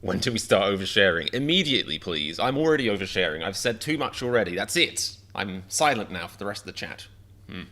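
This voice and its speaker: A man's voice: lowish voice, big pitch swings, a little fast, pushed and bright. A man hosting a casual livestream, greeting viewers one by one with wry, self-deprecating humor. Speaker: livestream host reacting to chat.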